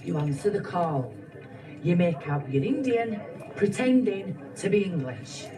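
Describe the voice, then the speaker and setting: A woman's voice: fairly low pitch, lively intonation, measured pace, music in the background. An actress playing a brash, blunt middle-aged woman who runs a shop, talking coarsely and scolding. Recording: TV clip played from far off with audience.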